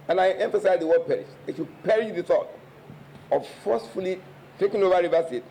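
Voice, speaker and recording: A man delivers a party press statement, declaiming each phrase in a combative tone. His voice is high for a man yet mellow in colour, with a faint background hum. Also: fast, poor audio. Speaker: party spokesman.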